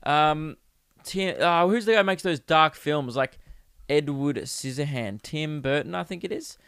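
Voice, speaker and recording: A young Australian man chats through his own podcast, swearing freely and laughing at his own jokes. His voice sits a little high and comes through smooth and clear. It sounds close and dry, with no room echo. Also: unhurried, fairly bright tone. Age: 20s. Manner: rambling, jokey and crude, laughs often. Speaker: podcast host. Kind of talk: casual solo podcast chat. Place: home recording setup.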